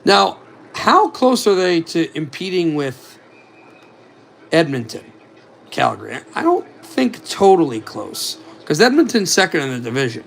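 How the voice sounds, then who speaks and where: A man calling hockey play-by-play for a fan simulcast, in a rapid running commentary with asides on other scores. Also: on the high side, wildly swooping pitch, vocal fry, a bit bright, slight background noise.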